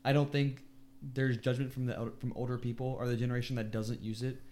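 A young barber chatting easily as a podcast guest, using casual filler words. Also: male voice, mid-range voice, level tone, quick pace, a little mellow, slight background noise.

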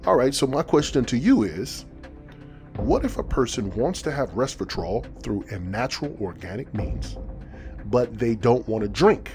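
Man voicing a gruff older male mentor, dry sarcastic ribbing, lively pitch. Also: moderate pace, faint music behind, lightly acted. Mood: dry teasing.

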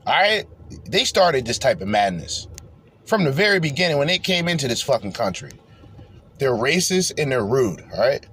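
A man hosting a podcast, ranting profanely as he reacts to video clips in bursts of loud, rambling talk. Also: mid-range voice, very animated, moderate pace, noisy background. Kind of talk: profane reaction commentary rant.

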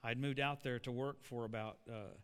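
A man preaching a storytelling sermon to a church congregation, animated and putting questions to the room. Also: mid-range voice, moderate pace, smooth. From Oklahoma. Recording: echoey church hall.

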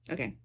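A young woman co-hosts a casual film review podcast, animated and exasperated, swearing casually as she tears apart the plot.

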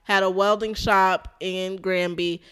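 A woman's voice: medium pitch, level tone, slow, a bit bright, clean tone. A woman in casual chat, animatedly retelling a wild story, swearing freely and calling her listener girl.

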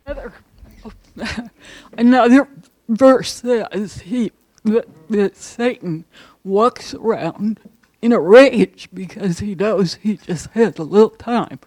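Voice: mid-range voice, slow pace, a little mellow, no echo. A panelist who adds a comment about a scripture verse in a conversational way.

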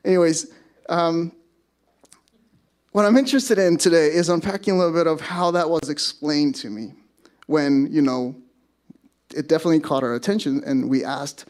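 A man's voice: a little high, moderate pace, pauses often, darkish tone. A man in his thirties from Mexico, a pastor giving a sermon as casual storytelling with self-deprecating humor.

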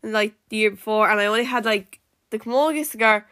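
Bright-voiced chatty Irish woman. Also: a little high, a little fast, no echo, clean studio sound. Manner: rambling, full of "like" fillers and restarts. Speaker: podcast host. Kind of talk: casual live-stream podcast chat.

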